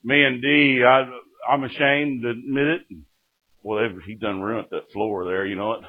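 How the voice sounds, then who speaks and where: A man preaches a folksy sermon testimony in a mid-pitched voice. He swings from loud calls of amen to hushed, confiding storytelling. The sound is thin and tinny, like a phone line. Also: little pitch movement, normal speed. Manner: folksy, rising to shouts and dropping to hushed storytelling.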